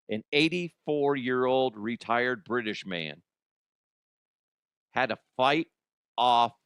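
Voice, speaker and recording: A man's voice: medium pitch, a bit bright, clean tone, no room sound, clean studio sound. A middle-aged man hosting a comedic news show, rambling, laughing often and making crude jokes. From Colorado, US. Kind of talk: casual comedic news commentary. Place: studio.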